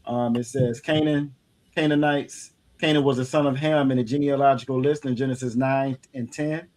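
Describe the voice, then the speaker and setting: A man in a scripture class reading a definition aloud from a reference book, measured and explanatory. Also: medium pitch, fairly even intonation, darkish tone.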